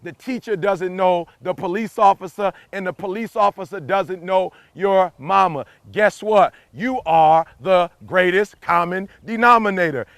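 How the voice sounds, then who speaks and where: A man's voice: sits high, a little slow, vocal fry, hardly any pauses, fairly bright tone, no echo, clean studio sound. A man giving a motivational speech in an emphatic, preachy way, repeating his key lines and driving each point home. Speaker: motivational speaker.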